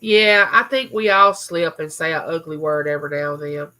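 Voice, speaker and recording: A woman with a low-sitting, pushed, bright voice speaks at a moderate pace while hosting a casual live chat at home, reading comments and responding to viewers by name. The recording from her home recording room is rough.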